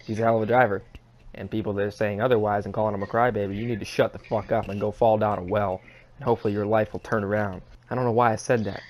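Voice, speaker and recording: A man's voice: on the low side, steady tone, fast, a little mellow, lo-fi sound. A man co-hosting a casual racing podcast, talking bluntly and swearing freely as he rants. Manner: profane, blunt and heated. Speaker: podcast co-host. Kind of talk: casual sports podcast rant.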